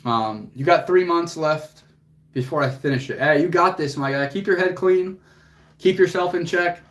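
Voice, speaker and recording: A young man with a slightly high voice talks straight to his livestream viewers. He is earnest and motivational, swears casually, and lets his emotion show as he speaks. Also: moderate pace, fairly bright tone. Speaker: fitness coach and livestream host.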